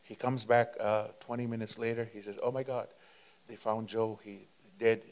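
A man preaching as a guest, telling a testimony in a fervent, halting way, with many fillers and repeated words. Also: fairly low pitch, level tone, a little mellow. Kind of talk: testimony storytelling.

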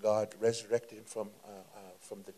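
A man's voice: fairly low pitch, little pitch movement, dark tone. Fervent preacher man telling a testimony. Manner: fervent, repetitive, halting with fillers. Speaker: preacher, guest. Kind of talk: testimony storytelling.

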